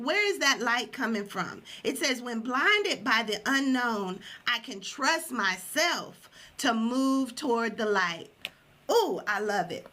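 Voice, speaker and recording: A woman podcast host telling a story in a casual live stream, animated and acting out quotes. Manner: animated, acts out quotes with high yelps.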